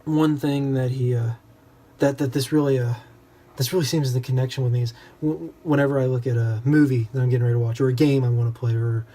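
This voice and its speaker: A man's voice: mid-range voice, fairly even intonation, fast, dark tone. A young man in a casual, rambling book discussion, full of self-deprecating asides. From United States.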